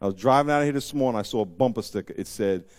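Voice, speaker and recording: A man preaching a sermon as pastor, emphatic and repeating phrases, swinging between loud preaching and quiet asides. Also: mid-range voice, fast, clear, resonant tone, no room sound.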